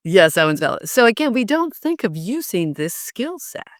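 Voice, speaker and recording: A middle-aged woman coaching public speaking, lively and often laughing as she demonstrates. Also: mid-range voice, normal speed, no room sound, clean studio sound. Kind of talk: instructive interview talk.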